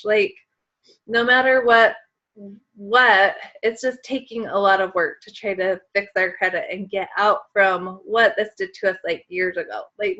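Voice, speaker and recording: A woman's voice: on the high side, pushed and bright, muffled recording. A woman in her thirties leading a motivational team call, chatty and emotional, with lots of fillers. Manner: emotional, tearful at times, chatty with many fillers. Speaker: team leader on a sales call.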